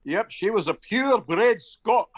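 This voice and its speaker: A man's voice: high voice, lively intonation. A man in his seventies who grew up in the Middle East, chatting as an interview guest and telling anecdotes with lots of fillers. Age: 70s. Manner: chatty, acts out quotes in his stories; brisk storyteller with frequent fillers.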